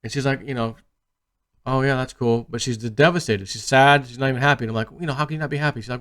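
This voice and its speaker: A man hosting his own video channel, telling a personal story in a rambling, animated way that often trails off quietly. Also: mid-range voice, fast talker. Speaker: video host. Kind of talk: casual storytelling monologue.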